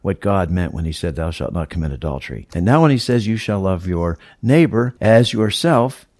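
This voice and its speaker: A man's voice: low-pitched, animated, moderate pace, a little mellow, dry recording, clean studio sound. A male pastor preaching a sermon, teaching verse by verse in an emphatic, explaining way. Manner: teacherly, emphatic, walks through scripture verse by verse.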